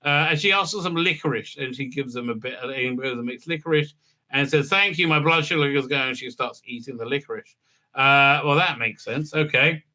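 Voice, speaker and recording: A man's voice: medium pitch, normal speed, bright, forceful tone. A man hosting a casual episode recap and review, sarcastic and rambling with many fillers. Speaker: host.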